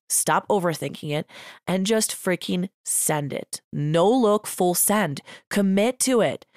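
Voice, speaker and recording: A woman's voice: medium pitch, dry recording. Emphatic young woman, dry close mic. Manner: casual, emphatic, lots of filler words. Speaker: podcast host. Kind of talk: motivational monologue.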